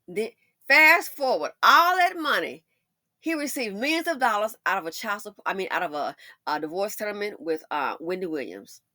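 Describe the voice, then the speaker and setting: Sassy, lively woman giving commentary. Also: mid-range voice, normal speed, dry recording, clean studio sound. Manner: sassy, emphatic, mocking asides. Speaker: commentary channel host. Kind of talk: opinionated celebrity commentary.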